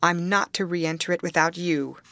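A woman's voice: fairly low pitch, fairly even intonation, moderate pace, pushed and bright, dry recording. A woman reading the part of a frail, frightened young man who pleads and pants, in an audiobook. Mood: pleading. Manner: panting, pleading.

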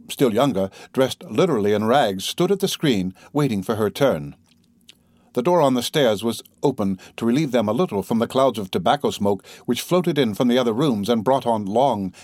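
A man's voice: mid-range voice, darkish tone, dry recording. Man narrating a classic novel, dry close sound. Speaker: audiobook narrator.

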